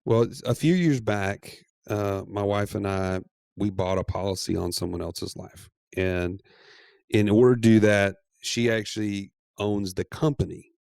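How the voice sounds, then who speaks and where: A man co-hosting a podcast, telling a story in a playful, animated way and laughing often. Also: on the low side, measured pace, gravelly, clear, resonant tone, no echo, clean studio sound. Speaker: podcast co-host. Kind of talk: casual storytelling chat.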